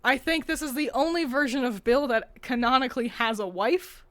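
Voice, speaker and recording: A woman's voice: sits high, animated, fairly bright tone. Chatty woman rambling with playful swearing. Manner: rambling, playful, swears casually, quick bursts of laughter. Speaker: podcast co-host. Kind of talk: casual chat.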